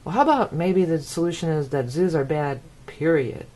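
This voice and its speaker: A woman's voice: low-pitched, animated, normal speed, dark tone. A woman from the United States giving a rambling astrology forecast, often repeating words for emphasis. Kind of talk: casual monologue forecast.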